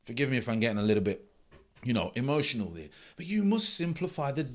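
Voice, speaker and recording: A man's voice: medium pitch, sing-song, fast, fairly bright tone. A middle-aged man, a trading mentor giving a blunt, emphatic casual monologue that repeats its key points.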